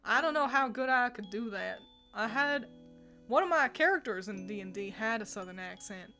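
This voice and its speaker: A woman's voice: fairly high pitch, lively intonation, normal speed, sharp tone, faint music behind. A woman streamer chatting casually with her viewers. She rambles and laughs often between thoughts. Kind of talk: casual livestream chat answering viewers.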